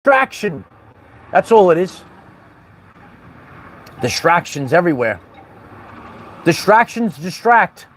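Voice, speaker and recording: A man's voice: high-pitched, sing-song, takes it slowly, long pauses. A man hosting a spiritual livestream, talking in a preachy, repetitive way and calling out chat viewers by name. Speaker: livestream host.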